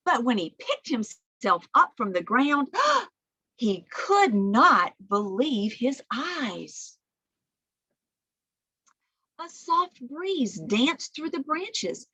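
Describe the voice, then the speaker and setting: Librarian lady doing kids storytime, high bright voice, super sing-songy, takes her time. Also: breathy edge, dry recording. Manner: animated storytelling, big swings between whispers and high calls. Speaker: children's librarian. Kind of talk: storytime reading to children.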